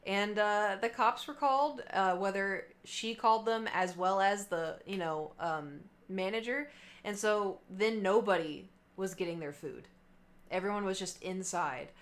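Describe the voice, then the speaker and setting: A young woman chats to her stream, telling a story in a loose, animated way. She acts out the other people's lines and fills the gaps with "like" and "um." Her voice sits at a mid pitch. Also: measured pace. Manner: chatty, animated quoting of others, many fillers. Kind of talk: casual storytelling to stream chat.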